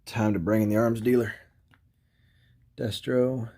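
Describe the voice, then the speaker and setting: A man's voice: lowish voice, little pitch movement, a little slow, mellow. A man casually reviewing action figures for his channel, rambling with lots of fillers and the odd chuckle. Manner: rambling, filler-heavy, frequent "you know"; chuckles while handling figures. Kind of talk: casual toy review vlog.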